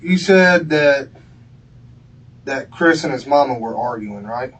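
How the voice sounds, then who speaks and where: A man's voice: mid-range voice, lively intonation, slow pace, fairly bright tone, slightly rough. A male police investigator asking brief, prompting questions in an interview. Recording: distant muffled interview recording.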